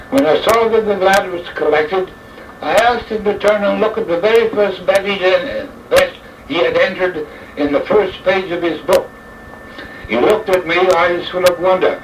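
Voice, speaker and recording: A man playing an old head jockey recites a dramatic verse tale with theatrical, animated, slow and deliberate phrasing. His slightly high voice sounds distant from the microphone in a reverberant room, and the old recording is dull and muffled with faint noise underneath.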